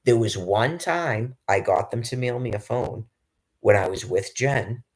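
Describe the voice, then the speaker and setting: A man's voice: medium pitch, unhurried, darkish tone. A man in a rambling, agitated, profanity-laden monologue about being homeless, with frequent restarts. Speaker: public access show guest.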